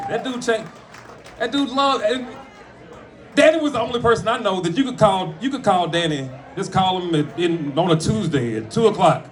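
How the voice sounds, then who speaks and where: A man, a comedian, speaking at a friend's memorial, mixing funny stories with tribute, animated and profane, with sudden shouts. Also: high voice, normal speed, some chatter behind. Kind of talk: storytelling eulogy with jokes. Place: room with a gathered audience.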